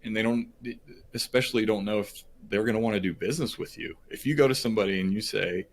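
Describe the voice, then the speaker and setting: A man's voice: lowish voice, fast. A man being interviewed on a podcast, telling a personal story in an earnest, rambling way with many fillers. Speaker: podcast guest.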